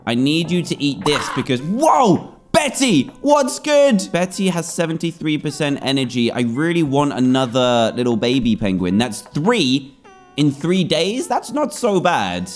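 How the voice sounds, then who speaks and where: A man hosting a gaming channel, giving let's-play commentary and chattering and exclaiming at the animals in the game. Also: medium pitch.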